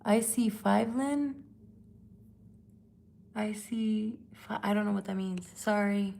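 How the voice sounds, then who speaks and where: A woman of middle pitch hosts a live tarot stream into her phone. She talks bluntly and swears freely. She calls out commenters without holding back. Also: fairly even intonation, takes it slowly, gravelly, mellow, slight background noise. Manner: blunt, profane, confrontational. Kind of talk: casual live-stream chat.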